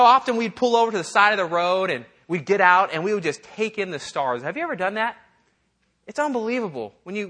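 A man's voice: sits high, sharp tone. A male pastor giving a conversational sermon, acting out the voices he quotes and often repeating words as he goes.

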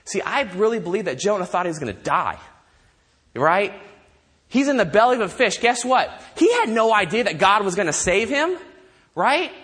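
A man preaching a sermon, animated, asking his listeners rhetorical questions. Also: sits high, moderate pace. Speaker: pastor.

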